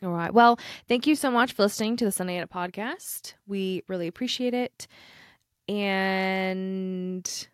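A young adult woman co-hosting a podcast, telling a rambling story in casual chat, stopping and restarting herself with quick laughs. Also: medium pitch, clear, resonant tone, dry recording, studio quality. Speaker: podcast co-host.

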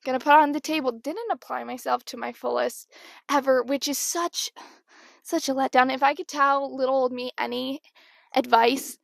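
A woman's voice: high voice, steady tone, normal speed, vocal fry, no echo. A young woman hosting a podcast, telling stories in a chatty, self-deprecating way with lots of "like". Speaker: podcast host. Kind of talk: casual storytelling.

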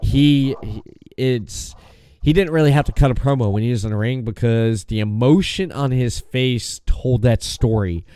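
A man's voice: medium pitch, smooth, dry recording. Male host, casual wrestling talk, dry close sound, easygoing. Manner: relaxed, halting, restarts phrases. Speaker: podcast host. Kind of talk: casual podcast chat.

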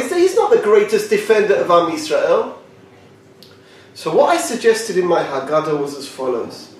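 A man with a high, swooping voice teaches Torah to a gathered group, joking and quizzing listeners by name. He is picked up from a distance in a very echoey room. A faint hum of noise sits underneath. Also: sing-song, moderate pace. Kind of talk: lively Torah talk to a live group.

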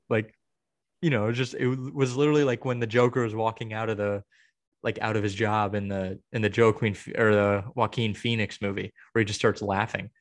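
A young man co-hosting a podcast vents in a rambling, exasperated way, restarting his sentences again and again. His voice is on the low side and level in tone, and he talks a little fast in this casual chat.

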